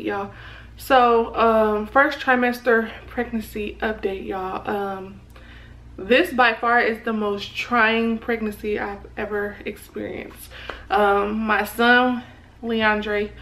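A woman's voice: fairly high pitch, a bit bright. A young woman, talking casually to her viewers in a vlog. She sounds out of breath and keeps calling her viewers "y'all.". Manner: chatty, repeatedly addressing viewers as "y'all". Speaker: vlogger.

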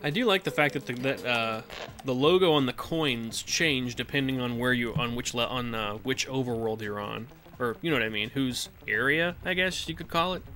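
Bright-voiced guy chatting over a game. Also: medium pitch, moderate pace, faint music behind. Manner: chatty, swears, answers chat. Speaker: let's play streamer. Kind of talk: casual gameplay commentary.

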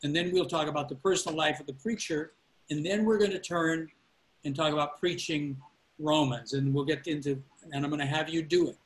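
A man who pastors, teaching a class on preaching over a call. His voice sits a touch high, and he gives earnest, fatherly counsel, often restarting sentences mid-thought. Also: fairly even intonation, fairly quick, poor audio. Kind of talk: informal teaching on a video call.

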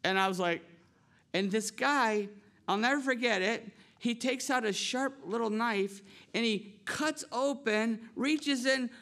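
A male pastor telling a rambling, animated story in his sermon, full of restarts and asides. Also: very high voice, a little slow. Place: church sanctuary.

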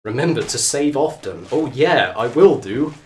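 A man streaming a game live, out of breath and excitable, talking to the character on screen and to his viewers. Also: medium pitch, moderate pace, slight background noise. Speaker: let's play streamer. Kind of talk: live gameplay commentary. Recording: echoey room, mic at a distance.

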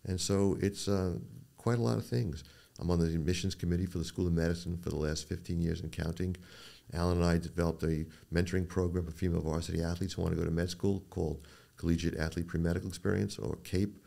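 A low-pitched, fast-talking older man with vocal fry is a guest on a podcast as a neuro-oncologist. His storytelling brings the characters to life as he quotes them in animated voices.

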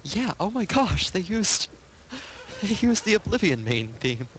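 A man chatting as a guest on a game stream, excitable and reading out news items as he finds them. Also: high-pitched, a little slow, a little hiss or hum, rough recording. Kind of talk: casual chat.

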